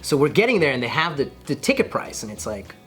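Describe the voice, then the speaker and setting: A man's voice: fairly high pitch, big pitch swings, fast talker, a bit bright, soft background music. A man in his thirties with an American accent, chatting as a podcast guest and acting out other people's voices as he tells stories. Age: 30s. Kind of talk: casual chat.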